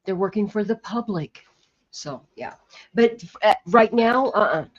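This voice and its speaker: A woman's voice: mid-range voice, animated, measured pace. A woman co-hosting a casual chat about police footage, speaking emphatically and with firm opinions. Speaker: co-host reacting to police footage. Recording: dull lo-fi audio.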